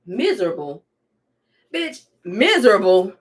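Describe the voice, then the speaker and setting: A woman's voice: medium pitch, very animated, unhurried, breathy edge. A woman vlogger ranting candidly while she cooks in her home kitchen, blunt and heavy on profanity. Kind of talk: candid rant while cooking.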